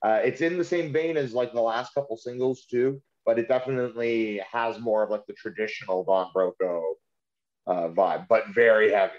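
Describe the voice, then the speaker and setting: A man's voice: fairly low pitch, steady tone, moderate pace, darkish tone. Laid-back man on a dull-sounding mic. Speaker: podcast co-host. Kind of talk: casual chat.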